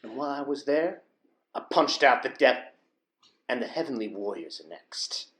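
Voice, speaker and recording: A man's voice: mid-range voice, expressive, normal speed, a bit bright, echoey room, natural voice. A man voicing a scarred, boastful female wrestler who taunts her rivals in a tabletop game. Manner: cocky, taunting.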